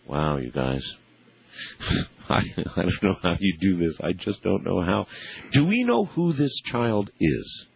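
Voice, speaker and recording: Husky low-voiced radio host. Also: male voice, big pitch swings, measured pace. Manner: hesitant, restarts often, reacts with amazement. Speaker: radio talk show host. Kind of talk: casual radio interview. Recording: muffled lo-fi radio audio.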